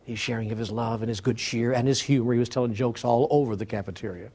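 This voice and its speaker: Husky-voiced man telling a story. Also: mid-range voice, fast talker. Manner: animated storyteller acting out dialogue, drops to soft near-whispers. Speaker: spiritual speaker. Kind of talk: storytelling talk.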